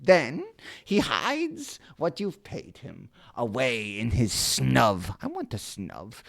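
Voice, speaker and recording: A woman's voice: extremely low pitch, wildly swooping pitch, takes it slowly, gravelly. A woman reading a children's story aloud, often stopping for playful, joking asides and correcting her own stumbles over the made-up words. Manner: playful, self-interrupting, swears then apologizes.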